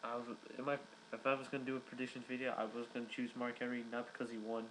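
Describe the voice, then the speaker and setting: A man's voice: medium pitch, flat delivery, rapid-fire, a bit bright, a little hiss or hum, low-quality recording. A young man giving a casual recap, rambling with many fillers and restarts. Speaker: wrestling reviewer.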